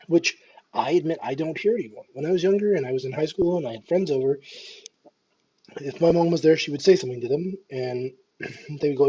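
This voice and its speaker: A man's voice: fairly high pitch, animated, moderate pace, dark tone, a little hiss or hum. A man in his thirties from Canada with a faint Scottish lilt, vlogging in a hesitant, self-deprecating way with many restarts. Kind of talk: casual nervous vlog monologue. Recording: dull lo-fi home recording.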